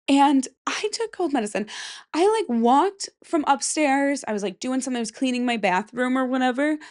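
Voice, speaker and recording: Young woman, nasal, stuffy from a cold, from Michigan, somewhat high voice, rambling, giggly, solo podcast at a desk mic. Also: a little mellow. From Michigan, USA. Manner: rambling, giggly, self-mocking. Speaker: podcast host. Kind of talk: casual solo podcast chat. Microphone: desk microphone.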